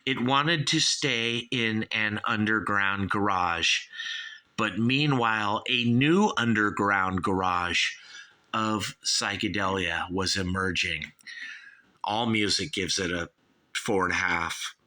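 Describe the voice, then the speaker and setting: A man's voice: lowish voice, slow, bright, forceful tone. A man, rambling casually through an album review and calling his listeners "you guys" and "dude". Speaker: album reviewer, show host.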